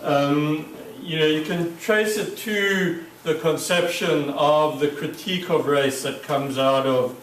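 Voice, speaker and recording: A man giving an academic conference talk, halting, with many fillers and restarts. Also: on the high side, a bit bright, slight background noise. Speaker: academic speaker. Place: lecture room. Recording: echoey room, mic far off.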